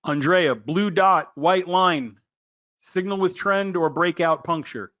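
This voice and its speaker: A man teaching a trading lesson in an excitable, loud, jokey way, quizzing his listeners by name. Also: high-pitched, slow pace, muffled recording. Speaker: trading educator. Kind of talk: animated screen-share trading lesson.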